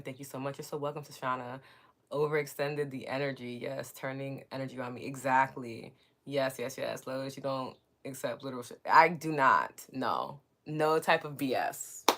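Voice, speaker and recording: A woman's voice: a bass voice, fairly bright tone. A woman hosting a live podcast, reading viewer comments aloud in casual chat, candid and mildly profane, laughing often and asking "right?".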